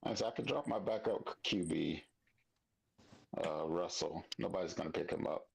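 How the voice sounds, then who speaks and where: A man co-hosting a casual sports chat in a calm, matter-of-fact way. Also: deep voice, normal speed, creaky, slightly rough, low-quality recording. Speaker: podcast co-host.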